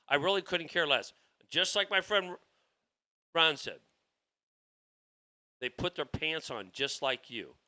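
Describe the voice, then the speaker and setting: A man's voice: fairly high pitch, pushed and bright. A man hosting a political talk show, delivering a rambling, heated monologue with frequent restarts. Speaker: show host.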